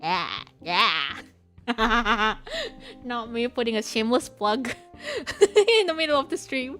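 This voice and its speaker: A young woman streaming and chatting casually with her viewers, giggling often and squealing when excited. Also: high voice, slow. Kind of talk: casual chat with chat. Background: soft background music.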